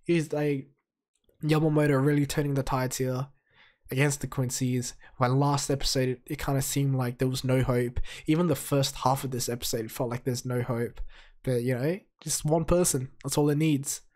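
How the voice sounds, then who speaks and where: A man sounding sick and hoarse, casually reviewing anime episodes in a rambling, excitable, heavily profane way. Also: medium pitch, normal speed.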